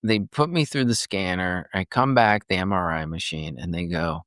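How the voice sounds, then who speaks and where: A man's voice: sits low, moderate pace, hardly any pauses, dry recording, clean studio sound. A man in his fifties, a coach and former nurse, telling a personal story in a podcast interview in a loose, chatty way with frequent restarts. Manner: animated storyteller, loose and chatty, restarts often and acts out other people's words.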